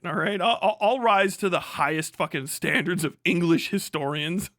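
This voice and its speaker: A man's voice: sits high, moderate pace, few pauses, fairly bright tone, dry recording, studio quality. A man streaming live, chatting in a rambling, profane way and laughing often. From United States. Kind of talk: casual live-stream commentary.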